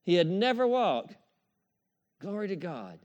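High-pitched male preacher, call-and-response. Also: big pitch swings, measured pace, a little mellow, muffled recording. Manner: emphatic, repetitive call-and-response preaching with chuckles. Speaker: pastor. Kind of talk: sermon.

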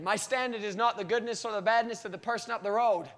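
Man preaching a sermon, very high pitch; builds to loud, stretched-out calls, then falls back low. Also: steady tone. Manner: rises to loud, drawn-out cries, then drops low.

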